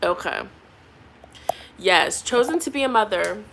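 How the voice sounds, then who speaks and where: A woman's voice: medium pitch, expressive, a little slow, creaky, background noise. A pregnant young woman doing a tarot reading, chatting casually with viewers and laughing often. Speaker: tarot reader.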